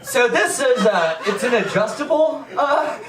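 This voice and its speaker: A man's voice: very high-pitched, expressive, unhurried, very noisy. A young man doing a live stand-up set in a small comedy venue, laughing through pain and yelping. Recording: echoey room, far from mic, loud crowd. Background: audience laughter.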